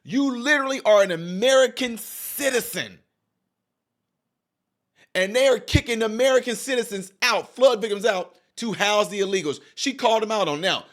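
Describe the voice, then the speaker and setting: A man's voice: sits high, moderate pace. A man giving heated reaction commentary, preaching straight at his viewers and hammering home repeated rhetorical questions. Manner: addresses viewers directly as y'all. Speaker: political commentator.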